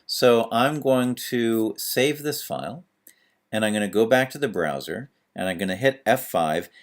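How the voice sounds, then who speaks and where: A man's voice: on the low side, normal speed. A man teaching a screencast lesson on web pages, talking through each step as he types, with fillers. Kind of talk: screencast tutorial.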